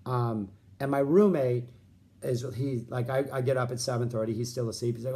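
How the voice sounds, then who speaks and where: Gravelly rambling man telling a story. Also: mid-range voice, moderate pace, dark tone. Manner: rambling, full of fillers and restarts. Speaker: host. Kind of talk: storytelling vlog.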